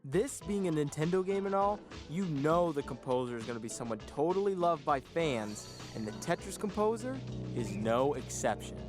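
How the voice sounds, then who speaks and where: A man's voice: a little high, animated, normal speed, few pauses. A man hosting a comedic video-game show, goofy and self-mocking with bursts of hype. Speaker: host. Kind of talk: comedic video-essay narration. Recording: music playing loudly behind.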